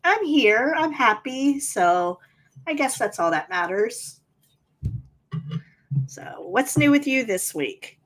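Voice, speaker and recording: A woman's voice: fairly high pitch, very animated, slow pace, pauses often, a bit bright. A woman co-hosting a casual podcast, chatting and telling stories. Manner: chatty, storytelling. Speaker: podcast co-host.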